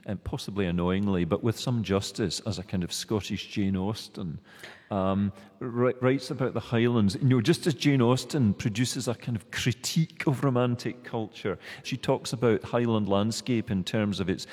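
A man speaking as a guest scholar in a discussion, thoughtful and halting, with frequent restarts. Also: lowish voice, darkish tone, in a large hall.

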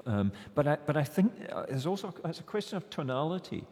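A man's voice: on the high side, sing-song, quick pace, darkish tone, slightly rough, big-room sound. A man speaking as a literary scholar on a radio panel, thoughtful and hesitant, often restarting his sentences. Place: college hall with audience.

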